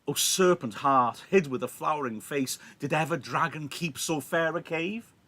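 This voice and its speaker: A male teacher reading the lines of a passionate, grief-torn young woman, declaiming verse with loud drama. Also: a little high, normal speed, no room sound, pitched above the performer's own voice. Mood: outraged. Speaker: teacher reading a play aloud.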